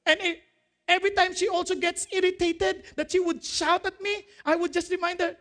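High-voiced animated male preacher. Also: normal speed. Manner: animated preaching, laughing at own jokes; quotes scripture, asks the audience questions. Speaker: pastor. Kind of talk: sermon.

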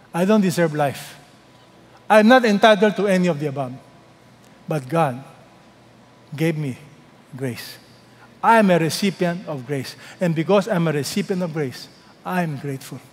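A man preaching a sermon as pastor, emphatic, with dramatic pauses and words dropped to a hush. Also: fairly high pitch, big-room sound.

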